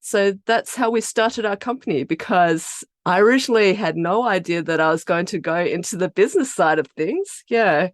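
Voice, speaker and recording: A woman from Australia with an Australian accent, the founder of a biotech company, explaining her research and career in a relaxed, chatty podcast interview. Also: lowish voice, normal speed, few pauses, no echo, studio quality.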